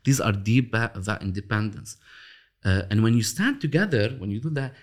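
A man with a fairly low voice talks through his ideas in an interview. He speaks thoughtfully, with frequent pauses, restarts and slowed-down emphasis. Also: lively intonation. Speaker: interview guest, author of a love system. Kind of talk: reflective storytelling interview.

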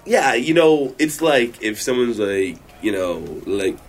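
A man's voice: medium pitch, animated, a little slow. A man guesting on a podcast, talking casually with many fillers and restarts. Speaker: guest comedian.

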